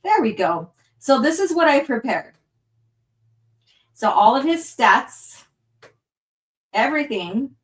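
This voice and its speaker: A woman's voice: high voice, sing-song, slow, pauses often, distant mic. A woman hosting a casual livestream chat, rambling and apologetic with many fillers. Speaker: livestream host. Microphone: phone hotspot stream.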